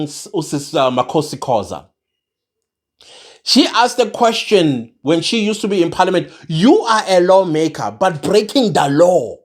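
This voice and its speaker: An angry online commentator with a South African accent, mixing in isiZulu, ranting to viewers with emphatic repeated phrases. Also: medium pitch. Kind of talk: impassioned rant to viewers.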